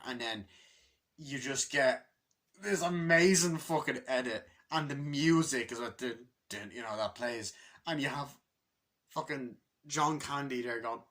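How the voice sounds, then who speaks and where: Bright-voiced man rambling about a film. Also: medium pitch, unhurried. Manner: rambling, enthusiastic, swears often. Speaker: movie reviewer. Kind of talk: casual spoken movie review.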